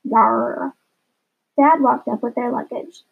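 A woman, a teacher, reading a children's chapter book aloud in an expressive storytelling manner. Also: fairly high pitch, unhurried, gravelly, husky. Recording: dull lo-fi recording.

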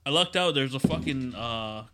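A man's voice: medium pitch, expressive, normal speed, noisy background. A man co-hosting a podcast, telling a rambling, crude story in casual chat and laughing at it. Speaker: podcast co-host.

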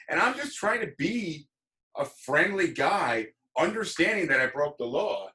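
A man with a bright, forward voice hosts a loose live chat. He tells his stories with animation and swears freely, acting out both sides of the exchange. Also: on the high side, big pitch swings, a little slow, rough recording. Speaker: host. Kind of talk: casual chat.

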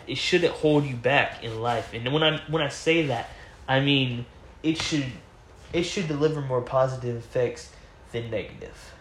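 A young man casually commenting on celebrity news. His voice is getting hoarse, and he rambles and stammers, often correcting himself. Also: medium pitch, fairly bright tone, a little hiss or hum. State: voice going hoarse. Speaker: host reading celebrity news.

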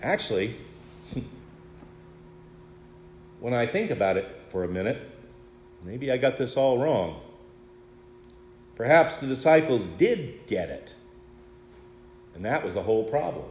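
A man in his sixties, a pastor, preaching a sermon with expressive storytelling, rhetorical questions and wry humor. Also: mid-range voice, a little slow, pauses often, reverberant, slight background noise. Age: 60s.

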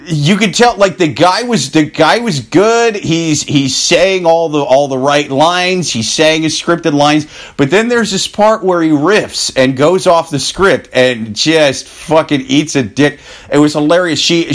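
A male podcast co-host chatting casually, his voice sitting in a middling pitch. He tells stories in a loose, rambling way, full of restarts and blunt profanity. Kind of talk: casual chat.

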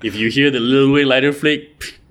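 A young man, co-hosting a casual podcast chat about rap, rambling and relaxed with lots of fillers. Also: mid-range voice, normal speed, a little hiss or hum. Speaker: podcast co-host.

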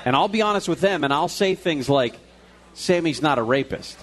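A man's voice: a little high, animated, normal speed. A male radio co-host talking live from a restaurant, retelling a news story in a loose, conversational way with fillers and restarts.

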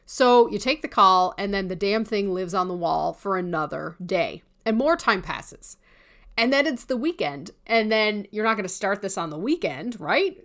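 Animated and moderately paced, a woman coach with a medium-pitched, fairly bright voice promotes online course creation in a candid, informal talk. Casual profanity and teasing asides run throughout.

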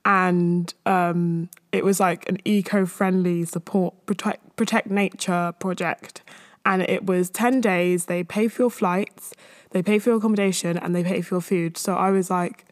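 A woman's voice: lowish voice, steady tone, a little slow. A woman, hosting a podcast and rambling casually about her week, a bit out of breath. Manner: rambling and chatty, with frequent fillers and laughs. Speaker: podcast host. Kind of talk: casual solo chat.

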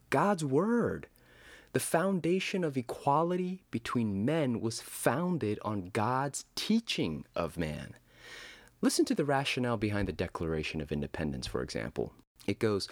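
Emphatic, low-voiced commentator man. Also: dry recording. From United States. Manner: emphatic, sarcastic, preachy. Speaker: Christian commentator. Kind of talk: scripted commentary.

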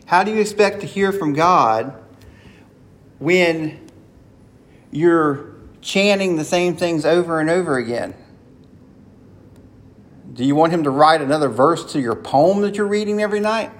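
This preacher, a man whose voice is notably high, gives an earnest, conversational sermon at a measured pace with long pauses. Now and then he moves into sample prayers, addressing God directly.

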